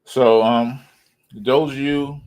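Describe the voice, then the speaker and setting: A man hosting a casual livestream rant, rambling and stumbling over words as he reads comments aloud, laughing often and swinging between loud remarks and mumbles. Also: medium pitch, fairly even intonation, slow. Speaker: livestream host.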